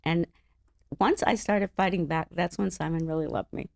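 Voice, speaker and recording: A middle-aged woman from the Los Angeles area, an interview guest telling stories in an animated, laughing way. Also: lowish voice, normal speed, vocal fry, no room sound, studio quality. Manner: animated, laughing, acts out other people's voices. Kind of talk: casual storytelling chat.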